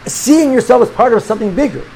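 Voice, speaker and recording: Middle-aged male rabbi, high-pitched, chatty lecturing style with stammered restarts. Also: quick pace, vocal fry, slight background noise, poor audio. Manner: animated, repeats and restarts words, sprinkles Hebrew and Yiddish terms. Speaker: rabbi teaching students. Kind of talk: informal religious lecture.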